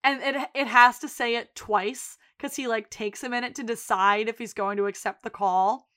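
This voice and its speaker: A woman talks casually on a podcast, recapping scenes and slipping into quoted lines as she goes. Her voice sits a little on the high side. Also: moderate pace. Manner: animated retelling with quoted voices. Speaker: podcast co-host. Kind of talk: casual chat recapping a TV episode.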